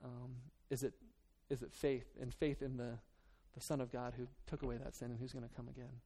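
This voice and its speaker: A male pastor preaches in an earnest, conversational way, stopping and restarting his thoughts as he goes. His voice sits at an ordinary middle pitch. He moves between reading scripture and talking plainly to his congregation. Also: level tone, a little fast, dark tone, husky. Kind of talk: sermon.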